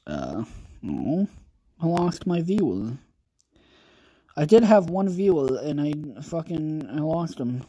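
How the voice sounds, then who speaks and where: Young male streamer, about twenty, profane and rambling, darker mellow tone. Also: a little high, sing-song, takes it slowly, pauses often. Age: around 20. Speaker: podcast host reading creepypastas on a livestream. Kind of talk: casual livestream chat.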